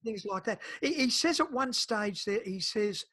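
A man's voice: sits high, animated, normal speed, pushed and bright. An older man co-hosting a podcast, chatting casually and rambling about a film. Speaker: podcast co-host.

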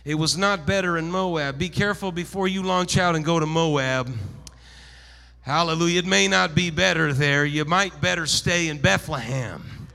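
Bright, gravelly preacher in a big hall. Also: male voice, fairly high pitch, normal speed. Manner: builds from calm teaching to shouted, sing-song preaching. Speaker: pastor. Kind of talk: sermon. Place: church sanctuary.

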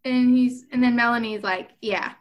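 A woman's voice: sits high, normal speed, dull audio. A woman chatting casually, retelling a book plot and acting out the characters' lines with lots of "like". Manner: animated storyteller, voices characters with filler "like". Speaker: podcast co-host retelling a book. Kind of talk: casual chat, retelling a story with quoted voices.

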